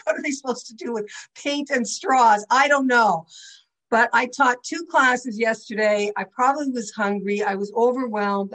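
Poor audio captures an older woman teaching a class by video call in a slightly high, a bit bright voice. Her casual class talk rambles chattily, often wandering into asides.

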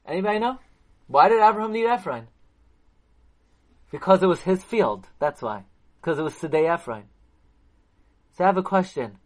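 High-voiced man teaching a Torah class. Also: moderate pace, pauses often. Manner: animated, asks the audience questions; mixes Hebrew and Yiddish terms into English.

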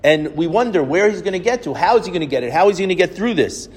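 A man's voice: sits high, animated, fast talker, breathy edge. A man delivers a reflective sermon, spinning stories and lessons in a slightly raised voice. His words ring out with a long hall reverb behind them. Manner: storytelling, reflective, quotes others at length.

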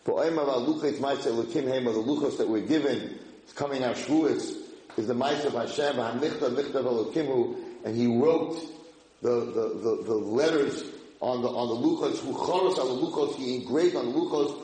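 A man giving an informal Torah class in English, mixing in Hebrew and Yiddish terms and breaking into loud acted-out shouting. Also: medium pitch, brisk. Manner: animated, acts out shouting students. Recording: echoey room, faint noise.

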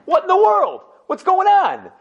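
A man's voice: extremely high pitch, expressive, a little slow, creaky, highs cut off, noisy background, voice pushed up, full character voice. A man voicing an indignant man who lost his lawsuit, outraged and disbelieving.

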